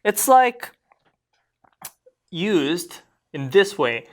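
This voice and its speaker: A Korean language teacher walks learners through grammar in an animated voice that rises and falls a lot. The teacher keeps checking in with quick questions and says the example phrases carefully so they can be copied. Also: mid-range voice. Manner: models Korean phrases slowly for learners to repeat; lively, questioning classroom delivery.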